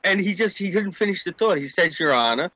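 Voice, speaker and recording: A man's voice: sits high, brisk, bright, forceful tone, no room sound, low-quality recording. A man casually telling a story among friends, acting out the voices of the people in it and swearing freely. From New York State. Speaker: podcast co-host.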